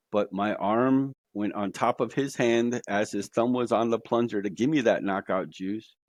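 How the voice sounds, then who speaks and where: Slangy, animated man telling a story, dry sound. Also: fairly low pitch, no echo. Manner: animated, slangy, says "bro" often. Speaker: podcast guest. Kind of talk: casual storytelling.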